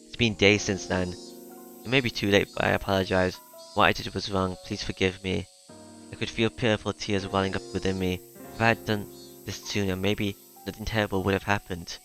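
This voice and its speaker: A man reading a visual novel aloud in the first person, halting at times with fillers and restarts. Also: low voice, little pitch movement, fairly bright tone, soft background music.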